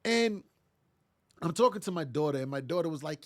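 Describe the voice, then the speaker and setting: A middle-aged man with a somewhat high, animated, brisk voice hosts a parenting podcast, sounding congested from sinus trouble. He delivers a motivational monologue in a casual, emphatic, repetitive style.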